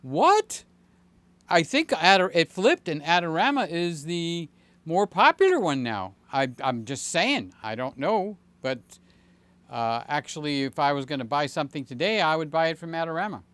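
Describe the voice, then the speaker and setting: A man in his late sixties hosting a casual livestream, chatting in a rambling, jokey way with many fillers and sudden excited jumps. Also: fairly high pitch, normal speed, dry recording. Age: 60s. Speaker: channel host.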